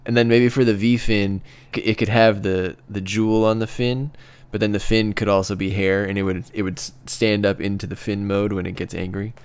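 Deep-voiced, smooth podcast man. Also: flat delivery, brisk, hardly any pauses. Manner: enthusiastic, rambling explanations. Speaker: co-host. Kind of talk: casual podcast banter.

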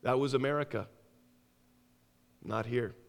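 A man voicing a cold, menacing male secret police officer who speaks low, flat and dismissive. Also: measured pace, gravelly, long reverb tail.

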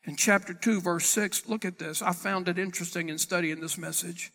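In a large hall, a pastor with a high-pitched, steady, sharp-toned voice preaches briskly. He dramatically acts out Bible conversations, including dialogue with God, and reads scripture in old-fashioned wording.

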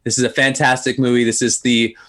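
A man hosting a podcast, telling stories in an animated, laughing way with lots of restarts. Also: medium pitch, a little fast. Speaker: podcast host. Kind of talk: casual storytelling chat.

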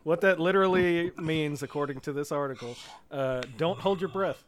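A man's voice: fairly high pitch, moderate pace, slight background noise. Man running an idiom game on a podcast. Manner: hesitant, many fillers and restarts. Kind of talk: casual chat.

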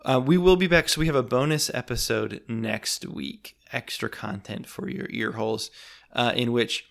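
Gravelly-voiced man hosting a book podcast. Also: medium pitch, moderate pace, a bit bright. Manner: enthusiastic, wraps up and promotes next episode. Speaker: podcast host. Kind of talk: casual book discussion.

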